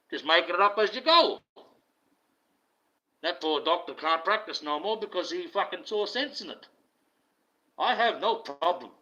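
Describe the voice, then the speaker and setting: A man's voice: high-pitched, bright, forceful tone. A man, a self-styled online preacher, delivering a blunt, profane, indignant rant. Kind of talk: ranting monologue. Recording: dull lo-fi recording.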